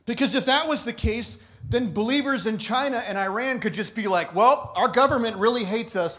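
A man with a notably high-pitched voice delivers a sermon in a loose, conversational way. He laughs often and breaks off mid-thought to start sentences over. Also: a bit bright. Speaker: pastor.

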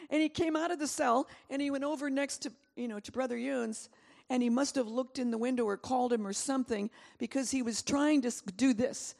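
Female preacher, animated storyteller, slightly high, gravelly, long hall echo. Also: fairly quick. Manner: animated storytelling with frequent asides and laughs. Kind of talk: sermon.

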